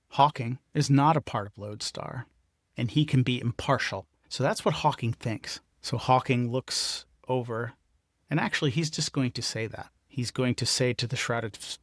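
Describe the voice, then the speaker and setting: A man's voice: medium pitch, no room sound, clean studio sound. A man narrating a solo tabletop role-playing session in a methodical way, walking through the game mechanics as he plays.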